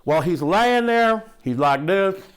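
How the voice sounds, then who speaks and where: A man's voice: high-pitched, animated, takes it slowly, smooth. A man playing a brash, foul-mouthed movie buff in a comic monologue, rambling and loose, full of swearing and "ain't". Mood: excited. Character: brash foul-mouthed man gushing about horror films.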